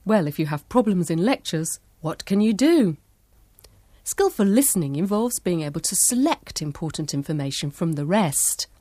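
Female presenter, lowish voice with lively intonation, clear measured scripted narration. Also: dry recording, studio quality. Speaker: programme presenter.

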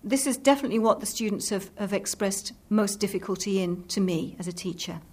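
Female language teacher, mid pitch, reflective interview answer. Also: brisk, a little mellow. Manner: reflective, repeating for emphasis.

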